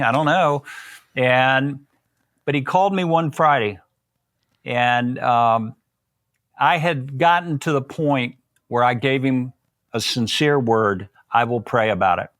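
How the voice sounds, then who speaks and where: A man's voice: mid-range voice, a bit bright, no room sound, studio quality. An older man, a guest on a podcast, telling a long personal story in a folksy way and acting out what people said. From Southern United States. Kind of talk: storytelling interview.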